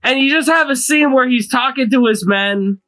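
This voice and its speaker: A podcast co-host in casual chat, talking slowly and playfully. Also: sits high, bright, forceful tone, poor audio.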